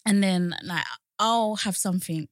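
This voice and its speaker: A woman's voice: medium pitch, unhurried, dry recording, studio quality. A woman co-hosting a podcast, chatting casually and telling funny family stories with lots of laughter. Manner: chatty storyteller, laughs a lot. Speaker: podcast co-host. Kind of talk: casual chat.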